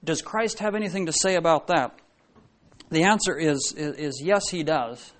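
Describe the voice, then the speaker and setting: A man's voice: a little high, normal speed. Man preaching a conversational sermon. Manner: conversational, asks the congregation questions, many restarts.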